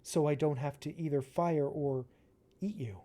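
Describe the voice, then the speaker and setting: A man voicing a lofty, grandiose idealist artist who speaks in measured phrases. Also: a little high, warm tone, natural voice.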